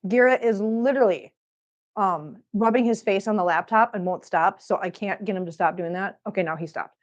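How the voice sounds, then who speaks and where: Fairly quick and medium-pitched, this Missouri woman hosts a relaxed home livestream for her cat channel through a laptop microphone, so the sound is lo-fi. She chats, rambles, and coos baby talk to her cats.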